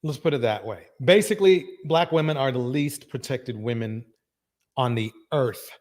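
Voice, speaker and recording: A man hosting a live reaction stream. He talks with emphasis, repeats his phrases and breaks into loud bursts of agreement. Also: medium pitch, lively intonation, normal speed. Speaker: livestream reaction host.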